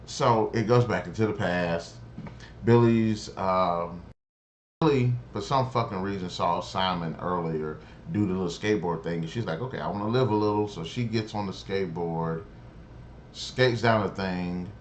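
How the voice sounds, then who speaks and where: A man's voice: low-pitched, measured pace, slight background noise. A man giving a rambling, profane, exasperated spoken review of a TV episode, with lots of restarts. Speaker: show reviewer.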